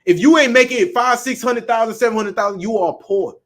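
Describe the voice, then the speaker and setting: Blunt high-voiced Southern preacher man. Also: a little fast, a bit bright. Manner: blunt, emphatic, profane. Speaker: street preacher. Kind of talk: preaching talk.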